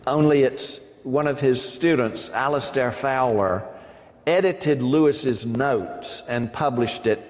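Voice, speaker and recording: Slow-paced male lecturer in a reverberant hall. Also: medium pitch. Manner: discursive, with frequent ums and asides to the audience. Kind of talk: academic lecture to a live audience.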